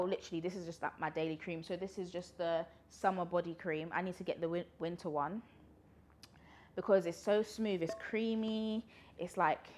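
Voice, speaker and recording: A woman, chatting casually through a pregnancy Q&A vlog, a little out of breath and laughing often. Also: lowish voice. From London, UK. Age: 20s. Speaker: vlogger.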